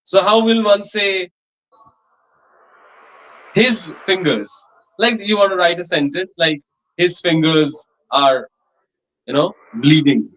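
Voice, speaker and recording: A man's voice: high-pitched, a bit bright, low-quality recording. A man teaching a French class, explaining grammar and patiently repeating words for students to copy. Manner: slow, patient pronunciation drills with repetition. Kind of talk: language class instruction.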